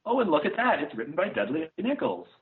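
A man's voice: on the high side, huge pitch swings, fast. Man on a tinny phone-like line. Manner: rambling and scathing, full of "uh" and "like". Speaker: podcast co-host reviewing films. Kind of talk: casual chat.

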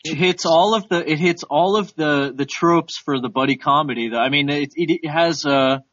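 A man's voice: fairly high pitch, moderate pace, a bit bright, no echo. A man in a casual movie review chat, joking and enthusiastic, often restarting his sentences. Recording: dull lo-fi audio.

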